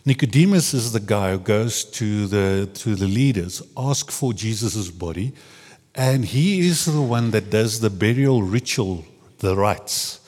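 A man delivers a sermon in a chatty, searching way, doubling back on his words. His voice is husky and his pitch rises and falls a lot. A long reverb from a large hall trails after each phrase. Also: a little mellow. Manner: conversational, searching, repeats words as he restarts. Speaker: preacher.

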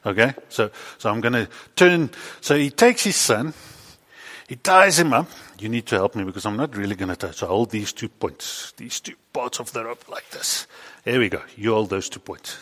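A man preaching a lively story sermon in a church with a child volunteer, playful and animated, with sudden loud bursts. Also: fairly low pitch, moderate pace, big-room sound. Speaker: pastor.

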